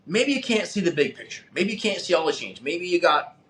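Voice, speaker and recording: Animated, upbeat male motivational host. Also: high-pitched, fairly quick. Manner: emphatic, animated coaching, acts out quotes. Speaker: podcast host. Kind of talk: motivational talk.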